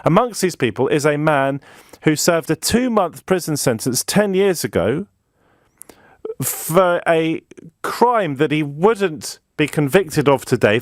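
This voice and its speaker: Indignant British man, lively pitch. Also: no echo, clean studio sound. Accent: British English. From Britain. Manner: indignant, rhetorical, emphatic. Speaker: radio phone-in host. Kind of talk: impassioned radio monologue.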